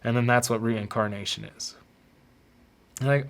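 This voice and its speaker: Speaking at an ordinary male pitch in a steady tone, a male podcast host recounts his past in a confessional monologue. He keeps pausing and restarting, doubling up words as he gathers his thoughts.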